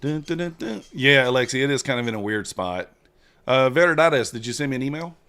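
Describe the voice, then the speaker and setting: A man hosting a casual trading livestream, chatting with viewers and reading their messages in a relaxed way. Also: mid-range voice, fairly quick, smooth.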